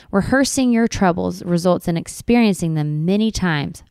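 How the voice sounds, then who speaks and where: Young mother vlogger, earnest and emphatic, low smooth voice, dry close sound. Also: normal speed, hardly any pauses, darkish tone, dry recording. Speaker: vlogger mom. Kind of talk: heartfelt personal vlog talk.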